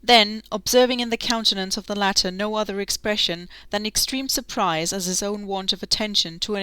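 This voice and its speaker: Bright, crisp woman narrating an audiobook. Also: mid-range voice, no room sound.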